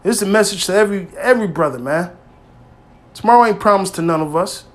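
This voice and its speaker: A man preaching informally to his brothers, with emphatic, street-style speech that swings between loud exhortation and quiet, low asides. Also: quick pace. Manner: emphatic and streetwise, peppered with "man" and "hey", swearing freely. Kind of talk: informal scripture teaching.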